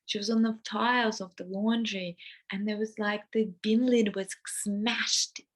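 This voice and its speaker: A woman's voice: medium pitch, fairly even intonation, a little slow. Emotionally open young woman, confiding. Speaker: coach sharing a personal update. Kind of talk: emotional personal vlog.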